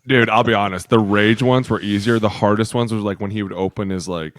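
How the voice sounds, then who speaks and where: A man co-hosting a football podcast, joking and doing quick impressions of coaches and teammates. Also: on the low side, fairly even intonation, no echo, studio quality. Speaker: podcast co-host, former NFL lineman. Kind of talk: casual sports podcast chat.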